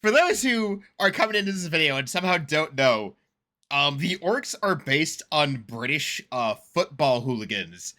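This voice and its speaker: A man with an American accent, talking through a reaction video in a loose, rambling way. His voice is very bright and swings widely in pitch, and he keeps laughing at himself. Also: expressive, normal speed. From United States. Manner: rambling, laughs often, self-mocking. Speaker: reaction streamer. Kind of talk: casual reaction commentary.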